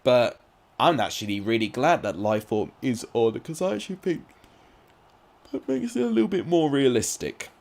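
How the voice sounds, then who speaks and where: A man's voice: medium pitch, lively intonation, normal speed, darkish tone. A man giving casual live-stream commentary on simulated football matches, chatty and rambling, with asides to his viewers.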